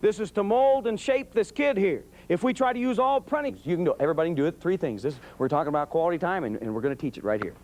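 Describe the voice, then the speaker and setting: A man's voice: sits high, lively intonation, quick pace, hardly any pauses, darkish tone. A middle-aged man giving a folksy, humorous talk on raising children, acting out voices as he tells stories. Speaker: police sergeant giving parenting talk. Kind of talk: folksy talk to a live audience.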